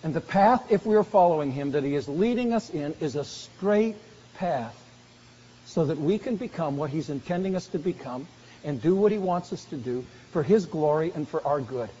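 Man, preacher, sermon, high voice, earnest, slows for emphasis, muffled lo-fi sound. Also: lively intonation, slight background noise. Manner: earnest preaching, slowing for emphasis and dropping soft on key phrases. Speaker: pastor. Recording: dull lo-fi recording in a reverberant hall.

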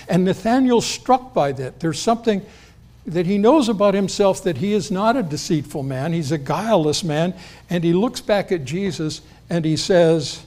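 A man preaching with a slightly raised pitch. He talks to the congregation conversationally and acts out the quoted lines with lifted voice. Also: lively intonation, moderate pace, darkish tone. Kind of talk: expository sermon.

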